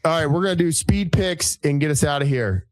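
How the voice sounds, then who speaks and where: A man's voice: on the high side, a little fast, no echo. A man with a Southern US accent, co-hosting a podcast as the strength coach, telling folksy stories in casual banter. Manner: folksy, animated storyteller.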